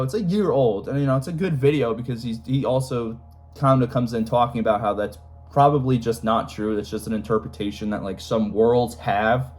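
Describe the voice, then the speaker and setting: Young male host, casual lore rant, rambling, bursts of emphasis, everyday mid voice. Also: medium pitch. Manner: animated, rambling, lots of fillers and sudden emphatic jumps.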